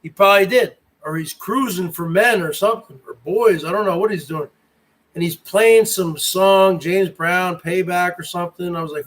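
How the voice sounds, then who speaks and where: A man's voice: high voice, normal speed, fairly bright tone. A man hosting his own livestream, ranting in a brash, mocking way with plenty of swearing. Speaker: livestream host. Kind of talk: boastful rant.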